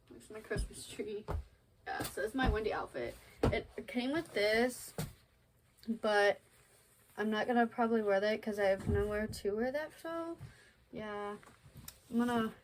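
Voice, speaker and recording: A woman's voice: a little high, background noise. A woman vlogging casually at home, rambling with lots of fillers as she moves around and sometimes steps away from the camera. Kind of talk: casual vlog chat. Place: at home by a Christmas tree.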